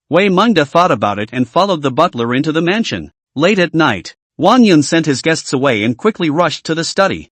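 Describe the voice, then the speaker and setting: A male narrator retelling a story in a steady way. His voice sits a bit high and moves widely in pitch. The recording is dry, with no room around it. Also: normal speed, few pauses, dry recording.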